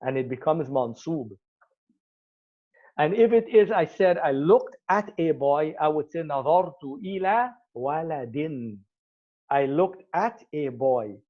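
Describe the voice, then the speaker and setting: A man's voice: a little high, animated, unhurried, muffled recording. A man teaching an Arabic grammar class, explaining step by step and checking the class follows. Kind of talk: classroom lecture.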